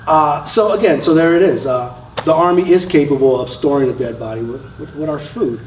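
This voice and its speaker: Picked up by a far-off mic in a roomy space, a man who served in the Army tells a story on stage, chatty and full of fillers and restarts. His voice has a fairly high pitch and darkish tone, moves fairly quickly, and comes with a little hiss or hum.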